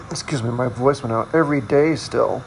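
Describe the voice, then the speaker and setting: A man hosting a casual solo podcast, talking in a candid, self-deprecating, halting way. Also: mid-range voice, vocal fry, slight background noise, low-quality recording. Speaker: podcast host.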